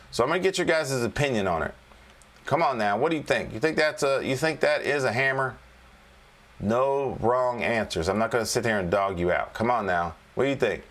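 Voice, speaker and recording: Dude running a trading stream, chill and rambly, keeps going "all right?" and pushing the chat to answer. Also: male voice, medium pitch, fairly bright tone. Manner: loose and repetitive, coaxing the chat with "all right?". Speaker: trading coach and livestream host. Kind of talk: casual live-stream market commentary.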